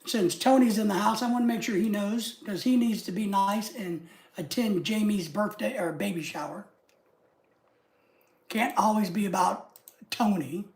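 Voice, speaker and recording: Speaking at a normal speed in a high voice, an American livestream host sits at his desk at home for a casual live chat. He reads viewer comments aloud and greets the people who posted them.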